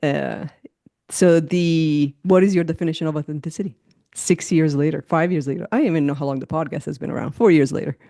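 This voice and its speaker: A woman's voice: deep voice, steady tone, brisk, creaky, warm tone, dry recording, studio quality. A woman hosting a podcast, chatting casually and laughing often. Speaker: podcast host.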